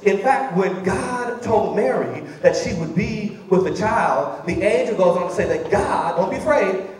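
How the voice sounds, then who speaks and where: High-pitched preacher man, far off the mic in a big echoey church, goes from loud shouts to soft asides. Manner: call-and-response preaching, swinging from loud exclamations to soft asides. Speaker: pastor. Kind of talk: preaching a sermon. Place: large church sanctuary. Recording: very echoey hall, voice heard from a distance.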